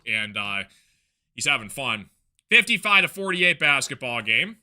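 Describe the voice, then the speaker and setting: A play-by-play streamer with a bright, slightly high voice calls live basketball. His reaction commentary mixes rapid game calls with casual, chatty asides.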